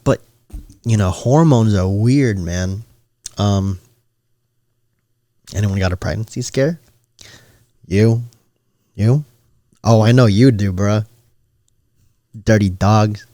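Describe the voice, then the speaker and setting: A man's voice: on the low side, takes it slowly, long pauses, warm tone, no room sound. A young man hosting a solo podcast, telling stories in a rambling, joking, slangy way. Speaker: podcast host.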